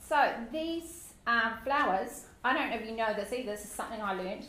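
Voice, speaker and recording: A woman's voice: on the high side, lively intonation, fairly quick, bright, forceful tone. A woman giving a Bible study teaching in a chatty way, with light self-deprecating asides. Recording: echoey room with faint background noise.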